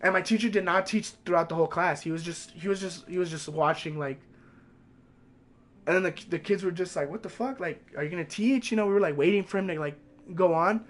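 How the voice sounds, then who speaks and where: Young male streamer, high voice, casual and profane. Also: steady tone, a little fast. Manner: rambling, profane storytelling. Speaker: game streamer.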